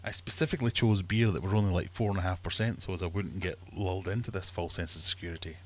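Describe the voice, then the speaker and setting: A man hosting a casual livestream from his fish room, chatty and quick to laugh while telling jokes. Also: deep voice, steady tone, a little hiss or hum. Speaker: livestream host.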